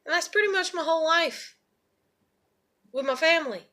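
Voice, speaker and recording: A woman's voice: very high-pitched, normal speed, bright, forceful tone. A young woman and single mother venting in a rambling, profane personal monologue.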